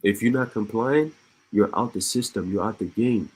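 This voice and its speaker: Guy reading news and riffing on it, low husky voice, keeps stopping to laugh and restart. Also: normal speed, darkish tone, rough recording. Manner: reads news aloud and breaks off with laughs and asides; repeats and restarts words. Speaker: online commentator. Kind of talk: casual reading and commentary.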